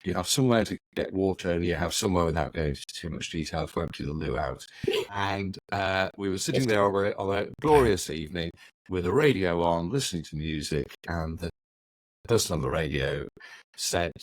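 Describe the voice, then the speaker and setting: Male broadcaster, 50s; low, fluent anecdotal delivery, dry sound. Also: lively intonation, brisk, dry recording. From West Yorkshire, England. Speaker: radio presenter and guest. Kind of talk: conversational interview answers.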